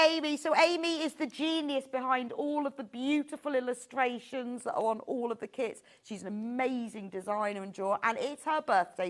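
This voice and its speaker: A woman's voice: mid-range voice, a bit bright. A middle-aged woman presenting sewing kits on a live shopping show, chatty and gushing. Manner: chatty and enthusiastic, gushing over products.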